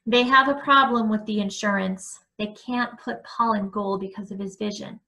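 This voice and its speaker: A woman voicing a matter-of-fact middle-aged father who explains things briskly. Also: medium pitch, fairly even intonation, bright, forceful tone. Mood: explaining.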